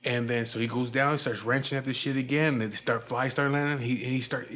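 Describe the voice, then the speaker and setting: A man's voice: mid-range voice, fairly even intonation, fairly quick, hardly any pauses, fairly bright tone. A man telling a story in a casual, profane, laid-back way.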